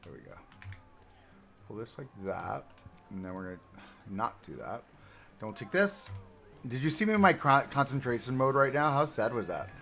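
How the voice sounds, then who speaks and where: This livestreamer is a man chatting casually with his live chat as he builds in a game, cracking jokes at his own expense. His mid-range voice is very animated and fairly bright, at a normal speed, with vocal fry and long pauses.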